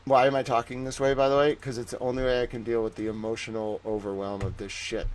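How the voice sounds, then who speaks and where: A man hosting a livestream in casual chat, animated, exclamatory and jokey. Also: medium pitch, fast talker, slight background noise. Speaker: livestream host.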